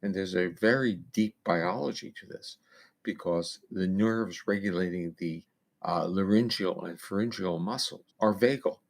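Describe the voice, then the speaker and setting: A neuroscientist appears as a guest in an interview, his low voice moving a little slowly. He gives long, lecture-style explanations of research, dotted with casual fillers.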